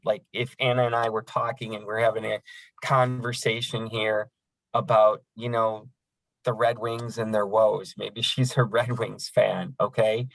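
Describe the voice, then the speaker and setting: A man leads a crisis line training session, lecturing in a conversational, folksy way full of fillers. His voice is lowish and gravelly, and the low-quality recording has no room sound.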